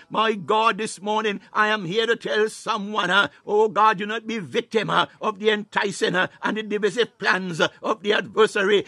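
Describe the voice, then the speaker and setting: A man preaching a fervent sermon, filling every pause with "my God" and "hallelujah" and sometimes breaking into tongues and shouts. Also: sits high, no echo. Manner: bursts into tongues, rising to shouts.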